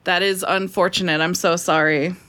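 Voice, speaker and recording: A woman's voice: on the low side, steady tone, moderate pace, fairly bright tone. A young woman playing a tabletop role-playing game, improvising her character playfully. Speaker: player.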